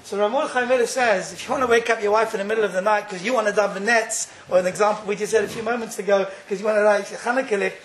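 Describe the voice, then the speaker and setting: A man with a very high voice teaches an informal Torah class at a fast clip, telling stories in an animated way and laughing as he goes. He is recorded in an echoey room with a faint hum of ambience behind him. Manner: storytelling, animated, laughs often.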